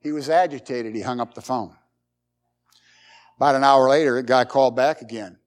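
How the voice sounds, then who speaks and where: A man's voice: medium pitch, brisk. A middle-aged man preaching a sermon, emphatic, with rhetorical questions and folksy jokes. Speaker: pastor.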